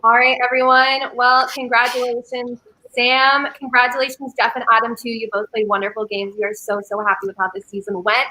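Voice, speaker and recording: A woman host reads out final votes one at a time, pausing to build suspense. Her voice is bright and a little high, heard over a video call. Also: little pitch movement, low-quality recording. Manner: measured, suspenseful vote reading. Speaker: game host reading votes. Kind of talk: announcing results.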